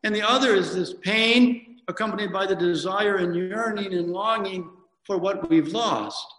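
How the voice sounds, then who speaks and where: A man, a priest, giving a reflective sermon, pausing often and correcting himself as he reads hymns aloud. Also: high voice, a bit bright. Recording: echoey church hall from a distance.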